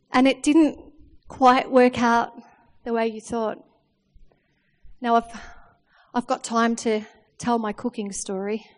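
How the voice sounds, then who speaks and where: A high-voiced woman delivers a sermon, telling stories in a chatty, animated way. She keeps checking in with her listeners. Her voice rings out with a long reverb, as in a large hall. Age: 30s. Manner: chatty, animated storytelling with frequent "okay?" check-ins. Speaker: preacher. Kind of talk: sermon with personal story.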